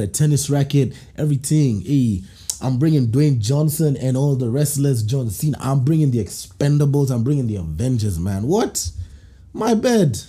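A man's voice: medium pitch, dark tone, husky. A male podcast host from Kenya in casual chat. He reads listener stories aloud with slangy banter, laughing often and acting out reactions.

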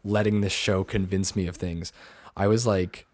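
A man's voice: deep voice, flat delivery, normal speed, a little mellow, no echo. A young man hosting a podcast, chatting casually and rambling, with lots of fillers. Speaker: podcast host. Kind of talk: casual chat.

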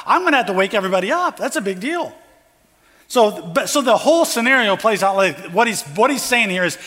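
A man's voice: sits high, bright, forceful tone. A pastor preaching a conversational sermon, acting out the parable's characters as he goes. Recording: long hall reverb.

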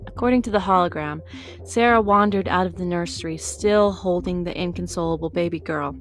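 Woman narrating an audiobook, slightly low. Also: a little fast, faint music behind. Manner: steady storytelling.

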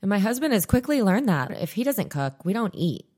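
A woman's voice: mid-range voice, big pitch swings, fairly quick, darkish tone. A woman in her thirties co-hosting a podcast, telling stories in a dry, self-mocking casual chat. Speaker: podcast co-host.

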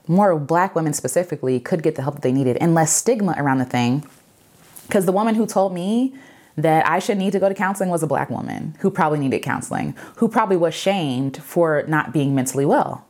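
A woman with a low voice speaks openly to camera about her own life. She sounds earnest and reflective, repeats phrases for weight, and fills pauses with "um" and "like". When she gives advice, it comes across as gentle and pleading. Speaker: vlogger sharing her own story. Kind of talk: personal testimony to camera.

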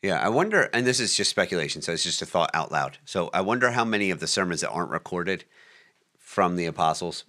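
A man talking casually as a podcast co-host, thinking out loud in rambling, jokey turns. His voice sits low but swings in a lively, animated way. The tone is bright and forward. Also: quick pace. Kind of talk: casual chat.

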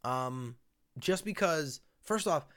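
On a podcast he co-hosts, a young man speaks slowly in a fairly bright voice on the high side, his intonation lively. The talk is casual and rambling, thick with fillers.

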